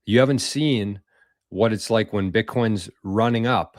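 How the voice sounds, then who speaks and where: A podcast host rambles through a casual live stream, answering viewers in a loose, profane way. His voice is on the low side and moves at a moderate pace. The recording is dry and close, with no sense of a room around it.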